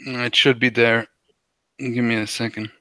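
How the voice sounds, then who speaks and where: A man's voice: medium pitch, level tone, a little slow, bright, forceful tone, no room sound. A young man running a tabletop game in a casual, easygoing way. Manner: casual, easygoing, laughs often. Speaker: game master.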